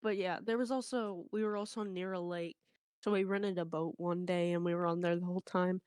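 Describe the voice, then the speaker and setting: A woman's voice: lowish voice, a little fast, clear, resonant tone, no room sound, studio quality. A woman telling a funny story in casual chat, acting out the people in it. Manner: animated anecdote telling with quoted voices. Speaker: co-host.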